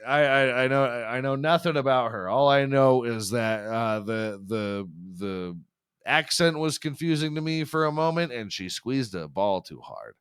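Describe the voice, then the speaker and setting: A young man does a profane, rambling comedy bit on his podcast. His pitch swings all over as he riffs, and he keeps breaking into laughter at his own jokes. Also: animated, a little slow, clear, resonant tone. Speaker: podcast host. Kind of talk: crude comedic monologue.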